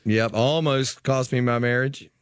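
A man of middle pitch chats as a guest. He tells his stories with animation, acting out what people said. His voice is close and dry. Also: a little slow, clear, resonant tone, dry recording. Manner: animated storyteller, acting out quotes. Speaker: musician guest. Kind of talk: casual chat.

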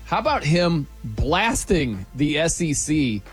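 A man's voice: a little high, very animated, slow, breathy edge, soft background music. A man hosting a sports talk radio show, bantering energetically with his co-hosts.

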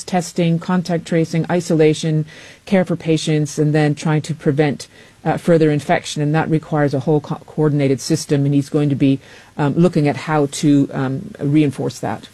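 A woman foreign correspondent giving a live news report in a measured way, with frequent ums and self-corrections. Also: low-pitched, dark tone, dry recording.

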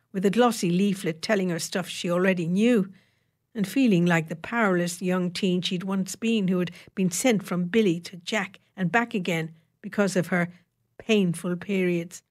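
A woman reads an audiobook with a lowish, steady voice. Her storytelling is measured and wry, leaning into the dry humour. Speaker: narrator. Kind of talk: audiobook narration.

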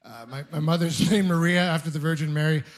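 Man, stand-up comedy, high voice, self-deprecating punchy storytelling. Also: fairly even intonation, fast talker. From Ontario, Canada.

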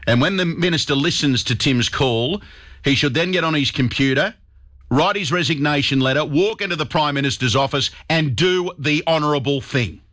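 A man's voice: on the high side, normal speed, fairly bright tone. Indignant Australian radio host man. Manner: indignant, emphatic. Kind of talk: talkback radio commentary.

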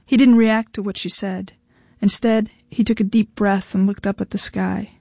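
A woman's voice: medium pitch, flat delivery, normal speed, vocal fry, mellow, no room sound. Woman narrating a story, dry sound. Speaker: audiobook narrator. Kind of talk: scripted narration.

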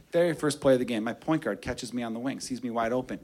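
A man doing stand-up storytelling, profane and animated, swinging between loud bursts and hushed asides. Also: medium pitch, fast talker, slight background noise. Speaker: stand-up comedian.

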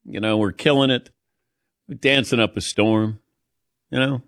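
A man hosting a casual talk show, telling stories with lively delivery and frequent laughs. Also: medium pitch, a little slow, no room sound, studio quality. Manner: storytelling, animated, laughs often. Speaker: sports talk show host. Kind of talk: casual radio show chat.

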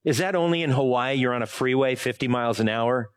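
A man's voice: medium pitch, quick pace. A middle-aged male pastor preaching casually, rambling through a personal story, correcting himself and asking his listeners for help. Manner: rambling, self-correcting, asks the audience for help. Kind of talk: conversational sermon with a personal story.

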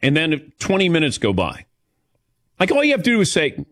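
A man's voice: fairly high pitch, normal speed, long pauses, no echo, studio quality. A man hosting a casual chat show, telling stories animatedly and calling on his co-hosts. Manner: animated storyteller, calls on co-hosts. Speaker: host.

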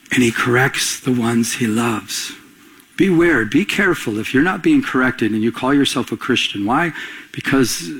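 A middle-aged man preaching a sermon as a pastor. He tells stories conversationally and climbs higher in pitch when he presses a point. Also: a bit bright, slightly rough. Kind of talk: storytelling sermon.

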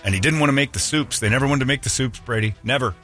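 A man's voice: mid-range voice, very fast, fairly bright tone, faint music behind. A man hosting a radio show, telling a long rambling story in a casual, anecdotal way with restarts and asides.

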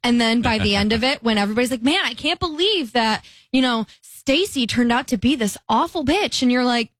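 Young woman, podcast co-host, casual and chatty, slightly high voice, dry close mic. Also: brisk, no room sound. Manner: chatty, animated storytelling with quoted voices. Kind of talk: casual chat.

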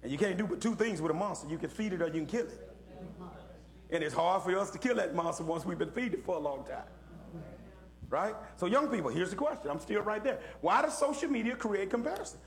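A fast-talking, expressive middle-aged man with a high voice teaches a Bible study for young people. He keeps it interactive, firing off questions and calling on listeners like a folksy preacher.

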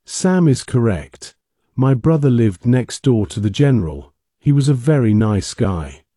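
A man with a very dark, mellow voice joins a talk radio chat. His intonation moves up and down a lot as he makes dry, matter-of-fact quips. The sound is dry and close. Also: medium pitch, sing-song, a little slow, dry recording.

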